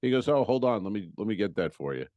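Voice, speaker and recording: Low-voiced man telling an exasperated story. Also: very animated, fast, dry recording, dull audio. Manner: profane, exasperated storytelling with acted-out quotes. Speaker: comedian and podcast co-host. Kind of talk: casual storytelling chat.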